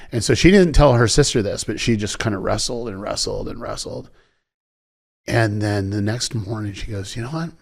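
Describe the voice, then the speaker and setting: Animated man telling a story. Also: lowish voice, creaky. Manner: animated storyteller, acts out quoted voices, repeats words. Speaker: executive producer guest. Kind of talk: conversational storytelling interview.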